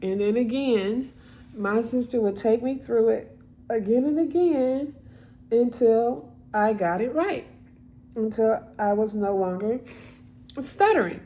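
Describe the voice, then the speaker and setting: Slow-paced woman sharing a personal story, emotional and halting. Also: on the high side, lively intonation, mellow. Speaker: vlogger telling a story.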